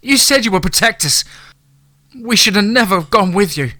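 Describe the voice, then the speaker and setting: A woman's voice: medium pitch, expressive, moderate pace, sharp tone, dry recording, voice pushed up. A man voicing a panicked young girl who is desperate and accusing. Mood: anguished.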